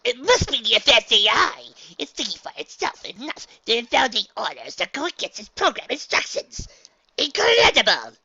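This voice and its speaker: A man voicing a scheming old female witch with a raspy, creaky crone voice, speaking shrilly and hurriedly in a dull lo-fi recording. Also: very high voice, sing-song, normal speed, bright, forceful tone, pitched above the performer's own voice, exaggerated voice. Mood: astonished.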